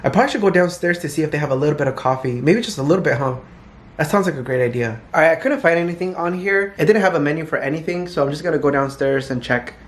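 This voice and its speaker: A man's voice: fairly high pitch, quick pace, slight background noise. Chatty young man vlogging to camera. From California. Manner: chatty, animated, laughs often. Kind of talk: casual vlog chat to camera. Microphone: phone camera.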